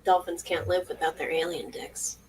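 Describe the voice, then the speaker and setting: A woman's voice: fairly low pitch, fairly even intonation, moderate pace, darkish tone, a little hiss or hum, rough recording. A woman co-hosting a casual stream, goofy and playful. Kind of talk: casual chat.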